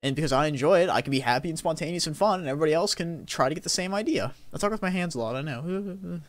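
A man's voice: fairly high pitch, animated, racing, no room sound. A young man and YouTube gaming creator, talking casually to camera in a rambling, upbeat way with frequent laughs.

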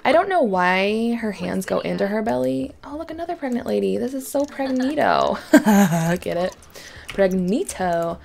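A young woman casually chatting over her game as a YouTuber, excitable and often dropping to a whisper. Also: a little high, moderate pace, creaky. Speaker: gaming YouTuber. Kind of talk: casual let's-play commentary.

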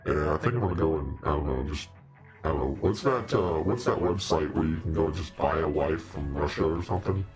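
A man's voice: rumbling low, brisk, a little mellow, soft background music. A man hosting a casual livestream in a demon persona, rambling and joking while talking to his viewers.

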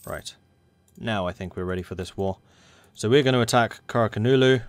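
A man's voice: on the low side, normal speed, no room sound. A man commentating a strategy game, thinking aloud and talking to the game's factions as he plays. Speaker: gaming channel host.

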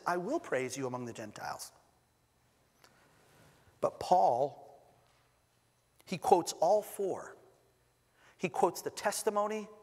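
A man preaching a sermon as pastor, stressing single words with long pauses and adding light humor. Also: fairly high pitch. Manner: light humor between scripture readings. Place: church sanctuary. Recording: long reverb of a church hall.

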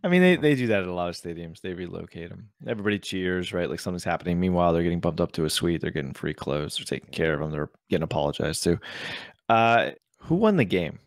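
A man's voice: low-pitched, expressive, quick pace, dry recording, clean studio sound. A man co-hosting a podcast, telling stories in casual chat and drawing out key words. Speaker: podcast co-host.

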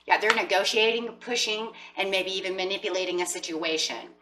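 A woman's voice: mid-range voice, brisk, pushed and bright, far from the mic, low-quality recording. A woman giving a chatty tarot reading, acting out what people might say. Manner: chatty, acts out quoted voices with emphasis. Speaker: tarot reader.

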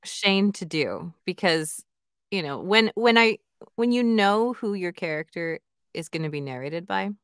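In a casual interview chat, a woman who narrates audiobooks and writes books talks enthusiastically, filling her speech with "like" and "you know." Her voice is fairly low with lively intonation, a little slow and smooth, and the studio-quality recording has no echo.

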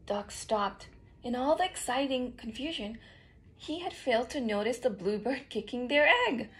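A woman teacher reading a picture book aloud to children in a gentle, expressive way. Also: a little high, normal speed, a little hiss or hum.

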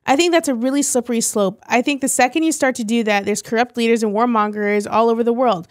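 A woman's voice: a little high, fairly even intonation, quick pace, dry recording. Young woman reading posts aloud, dry sound. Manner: casual, reads quotes aloud with slips. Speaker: podcast co-host.

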